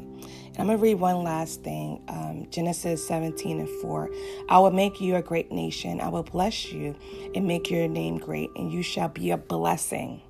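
A woman's voice: fairly low pitch, steady tone, moderate pace, vocal fry, over music. A woman giving an earnest devotional message and a fervent prayer to her listeners. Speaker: faith speaker addressing listeners.

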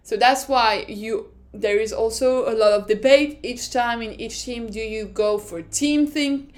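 A woman with a French accent hosts a podcast in casual explainer style. She speaks in a fairly high voice, gushing and excitable, and laughs often. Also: measured pace. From France. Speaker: podcast host.

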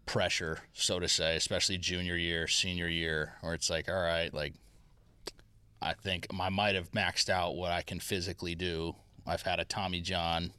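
Deep guy coach rambling thru stories, pokes fun at himself, dry mic. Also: sharp tone, clean tone, dry recording. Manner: self-deprecating storyteller, reflective. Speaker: pitching coach. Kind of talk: casual podcast chat.

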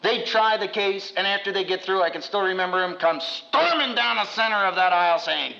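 Over lo-fi sound, this male seminary professor talks fairly quickly with vocal fry and barely pauses. His lively Bible teaching to an audience carries wry humor, and he animates the stories by acting out quotes with wide pitch swings.

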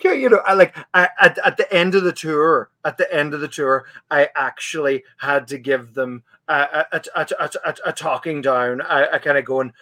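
A young man in casual chat, telling a story with animated asides and acting out what he said back then. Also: on the high side, moderate pace, few pauses, dry recording. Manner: animated storyteller, acts out his own past lines. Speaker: podcast guest.

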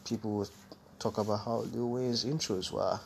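A man with a fairly low voice talks alone on his podcast in a loose, candid way. He wanders through his story and keeps stopping to correct himself. Faint noise sits under the recording. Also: steady tone, normal speed, vocal fry. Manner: rambling, self-correcting, candid. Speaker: podcast host. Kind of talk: casual solo storytelling.

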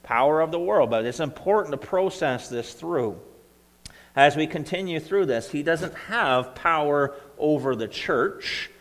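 Conversational pastor in a reverberant hall. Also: male voice, on the high side, expressive, a little slow. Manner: conversational preaching, frequent "right?" and "okay?" checks. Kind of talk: sermon.

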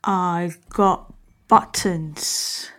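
A woman's voice: lowish voice, fairly even intonation, extremely slow, fairly bright tone. A woman hosting a casual solo talk, rambling and often correcting herself.

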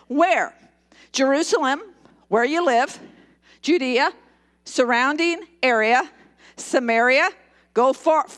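A woman's voice: sits high, a bit bright. A woman pastor preaching a live sermon in a church service, emphatic and joking, calling for responses from the congregation.

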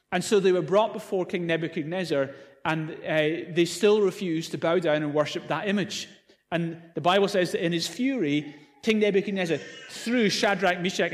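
Pastor, male, fairly high voice, chatty sermon with playful asides, long hall reverb. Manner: conversational preaching with playful asides.

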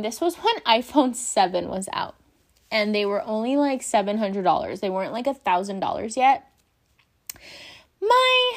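A young woman, a former shift supervisor, telling work stories in a casual, animated way, swearing freely and acting out the people involved. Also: fairly high pitch. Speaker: vlogger, former coffee shop shift supervisor. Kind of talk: casual storytelling rant.

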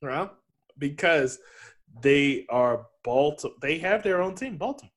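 A man's voice: a little high, lively intonation, a little slow. A man co-hosting a sports podcast, needling his partner in casual banter and reading quotes aloud. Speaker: podcast co-host.

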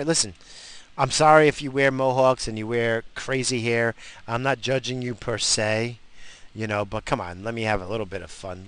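A man's voice: medium pitch, moderate pace, a bit bright. A man in a car, talking while he drives, in a crude, profane, rambling monologue.

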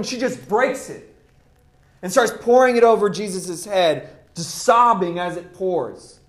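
A man preaching a sermon in an impassioned, conversational way. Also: sits high. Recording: roomy echo.

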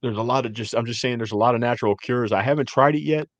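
A man's voice: medium pitch, quick pace, dry recording. A middle-aged man hosting a podcast, chatting casually and rambling through stories, sprinkling his talk with "man" and "dude". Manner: rambling, animated storytelling with frequent "man" and "dude". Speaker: podcast host. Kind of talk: casual chat.

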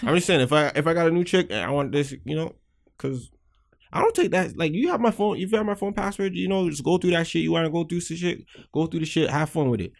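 A man's voice: fairly high pitch, lively intonation, fast talker, gravelly. A young man co-hosting a podcast, chatting casually and animatedly, swearing and acting out the voices he quotes. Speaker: podcast co-host.

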